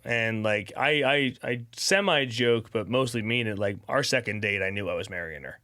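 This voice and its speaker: A man's voice: fairly low pitch, moderate pace, bright, forceful tone, dry recording, studio quality. A man guest on a podcast, telling a personal story in a rambling, casual way, full of "you know" and "like". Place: studio.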